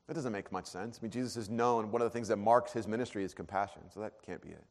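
A man preaching a sermon, earnest, dropping to a hush and then rising to emphatic peaks. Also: medium pitch, lively intonation, fast, few pauses. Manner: earnest, swings from hushed to emphatic. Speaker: pastor. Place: church auditorium. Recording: long hall reverb.

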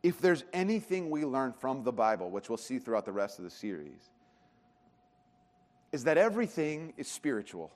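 A man preaching a sermon as pastor, talking conversationally and animatedly, often dropping to quiet emphasis. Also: mid-range voice, very animated, normal speed, long pauses, big-room sound.

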